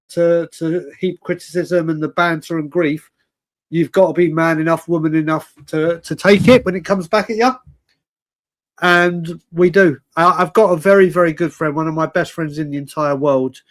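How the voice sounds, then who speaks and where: Brief: man, fan stream host, late night and tired, chatty ranting, stammers, voice sits a bit high.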